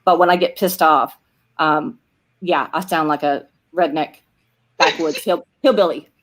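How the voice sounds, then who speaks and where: A woman's voice: sits low, steady tone, unhurried. A woman from the American South with a mild Southern accent, chatting playfully and laughing a lot. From Southern United States. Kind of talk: casual chat.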